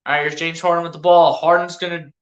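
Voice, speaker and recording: A woman's voice: fairly low pitch, flat delivery, fast talker, muffled recording. A woman streaming live play-by-play as a fan, calling plays and trash-talking rivals, laughing often. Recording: roomy echo.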